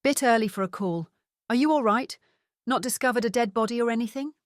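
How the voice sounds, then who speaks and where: A woman's voice: fairly high pitch, a little fast, dry recording, studio quality, pitched above the performer's own voice, natural voice. A woman voicing a friendly male police detective with an Irish accent who talks in an easygoing, joking way in an audiobook. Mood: jovial. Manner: easygoing, joking, then urgent.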